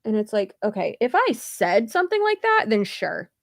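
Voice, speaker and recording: A woman's voice: on the high side, wildly swooping pitch, normal speed, gravelly, dry recording, clean studio sound. A young woman creator ranting in a casual livestream, blunt and rambling, swearing freely. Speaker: YouTube creator.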